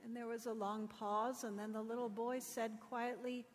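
A middle-aged woman pastor giving a sermon, telling stories with gentle humor. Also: on the high side, flat delivery, moderate pace. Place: church. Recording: long reverb of a church.

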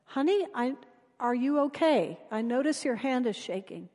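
A gentle, kind-hearted woman, as a woman preacher puts her on, speaks softly and tenderly in a high voice. A long church reverb trails her words. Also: lively intonation, moderate pace. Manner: soft, tender, consoling. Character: kind, gentle woman, soft-spoken and consoling.

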